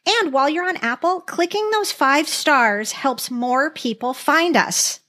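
Giggly high-voiced woman hosting. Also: unhurried, pushed and bright. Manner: giggly, exasperated. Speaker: podcast host. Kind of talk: casual chat, game show hosting.

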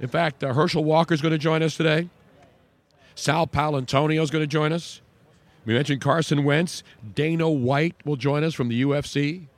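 A man's voice: a little high, steady tone, normal speed. A man hosting a sports talk show, chatting and joking in a loose, rambling way. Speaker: sports radio host.

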